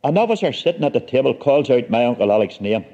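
A man's voice: mid-range voice, big pitch swings, quick pace, mellow, big-room sound, lo-fi sound. A man telling a comic story with dry, wry humor.

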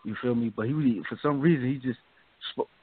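A man's voice: medium pitch, quick pace, slightly rough, no echo. A man hosting a radio talk show, chatting loosely and often asking "you feel me?". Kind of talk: casual discussion. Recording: dry, phone-like narrow sound.

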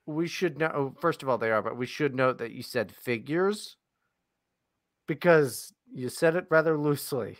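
A man's voice: mid-range voice, normal speed, hardly any pauses, no room sound, clean studio sound. A man co-hosting a podcast in casual chat, teasing and swearing in jokey banter. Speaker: podcast co-host.

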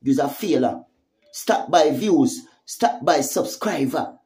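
A woman's voice: low-pitched, lively intonation, slow, warm tone. A woman with a Jamaican accent giving a heated, profane vlog rant, confronting someone with repeated taunting questions. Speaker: social media commentator.

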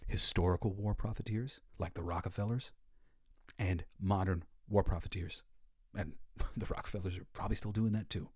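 A man hosting a podcast and giving casual, emotional commentary. He swings between soft, heartfelt stretches and loud, excited bursts. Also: deep voice, normal speed, husky, no room sound, clean studio sound. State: tearful. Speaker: podcast host.

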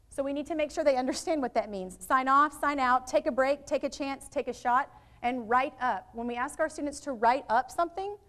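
A middle-aged woman presenting a teacher training workshop to educators in a room, talking in a lively, chatty way with asides to the audience, on a worn microphone. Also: high voice.

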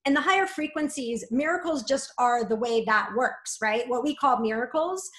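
A woman guest talking in a flowing, gently encouraging way, often adding "like" and "right?". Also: high voice, normal speed, echoey room. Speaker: guest, spiritual coach. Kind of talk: reflective conversational interview.

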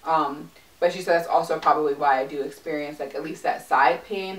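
A woman's voice: low-pitched, animated, fairly quick, far from the mic, slight background noise. A young adult woman chatting casually in a vlog, talking in a loose, filler-heavy way. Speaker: pregnancy vlogger. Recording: echoey room, mic set back.

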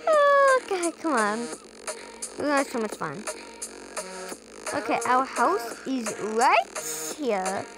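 Young woman, high voice, unhurried, repetitive chatter, game music behind. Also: very animated, poor audio. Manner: chatty, repeats words in bursts, sudden yelps. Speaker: gamer playing a parent role. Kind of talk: playing a game, talking aloud.

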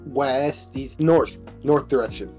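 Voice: mid-range voice, takes it slowly, a little mellow, soft background music. Rambling, hesitant gamer giving directions. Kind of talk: casual gaming chat with friends.

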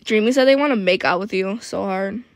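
A woman player chatting casually during a game, giggly and excitable, often breaking into loud laughs. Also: mid-range voice, fairly quick, slight background noise. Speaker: Minecraft server player.

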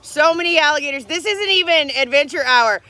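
Camera operator, high and bright, chatty, greets viewers from the comments. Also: fairly quick, dry recording. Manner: chatty, laughing easily, reading out viewer comments. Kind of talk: live-stream chat.

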